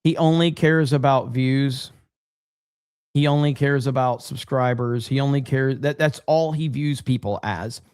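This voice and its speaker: A man hosting a livestream, speaking in a blunt, emphatic way and hammering his points with repetition. His voice sits at a middling pitch and sounds dry and close. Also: unhurried, a little mellow, clear, resonant tone, no room sound. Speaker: show host. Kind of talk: casual commentary.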